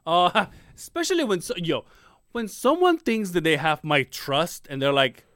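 Animated, profane podcast co-host man. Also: fairly high pitch, moderate pace, no room sound. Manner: rambling, profane joke-telling with lots of restarts. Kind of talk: casual podcast banter.

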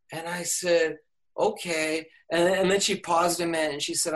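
A man's voice: high-pitched, moderate pace. An older man, an English professor, telling a story in an interview with lots of fillers and restarts. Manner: animated, laughing, many fillers and restarts.

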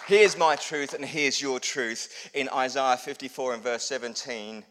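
A man preaching a sermon as pastor, telling stories with humor, swinging from loud bursts to hushed lows. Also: unhurried, some chatter behind, a little hiss or hum.

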